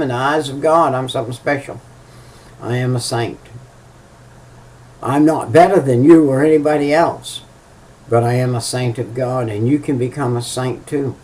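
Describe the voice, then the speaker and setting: A man preaching informally, halting with many fillers and restarts, and repeating key phrases for emphasis. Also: medium pitch, a little mellow, slight background noise. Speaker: lay preacher. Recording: voice a bit far from the mic.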